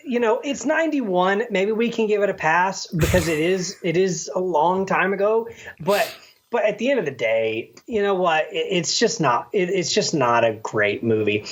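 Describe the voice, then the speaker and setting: A man's voice: high-pitched, fairly bright tone. A man co-hosting a podcast, chatting casually about movies with frequent restarts and filler words. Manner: rambling, many restarts and "like"s. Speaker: podcast co-host. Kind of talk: casual movie review chat.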